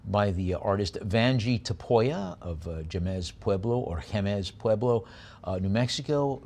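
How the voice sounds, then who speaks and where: A man working as an auctioneer, calling bids briskly and slowing down, with many "uh" pauses, to describe each piece. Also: fairly low pitch. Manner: brisk bid calling between slower item descriptions; many filler pauses when describing items.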